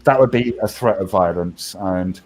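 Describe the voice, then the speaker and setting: A man's voice: deep voice, moderate pace, a little mellow, slight background noise, rough recording. A man with a New Hampshire accent hosting a casual stream, rambling and laughing at himself. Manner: rambling, self-deprecating, laughs often. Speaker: stream host. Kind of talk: casual chat.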